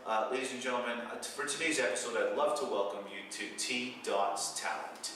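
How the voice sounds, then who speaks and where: Male host, bright and forceful tone, formal and rambling, distant mic in a very echoey room with faint noise. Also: mid-range voice, a little fast. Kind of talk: show introduction.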